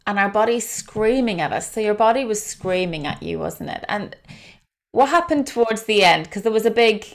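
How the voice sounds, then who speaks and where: Woman podcast host, calm and reflective, empathetic questions. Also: medium pitch, normal speed. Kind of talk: podcast interview.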